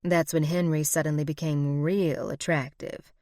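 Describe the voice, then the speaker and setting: A woman voicing a scheming, flirtatious frontier woman outlaw with a slow, purring, teasing drawl. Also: low-pitched, steady tone, a little mellow, no room sound, studio quality. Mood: matter-of-fact.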